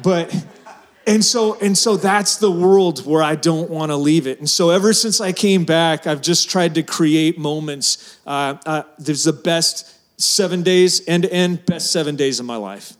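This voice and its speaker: A man giving an excited, rambling testimony to a church congregation. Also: fairly high pitch, measured pace. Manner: excited, rambling storytelling with restarts. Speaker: church mission team member. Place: church sanctuary.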